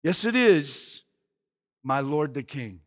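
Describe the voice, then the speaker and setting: A man voicing an indignant young male warrior who calls out loudly and scolds. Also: on the high side, very animated, takes it slowly, in a large hall, voice pushed down. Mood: pleading.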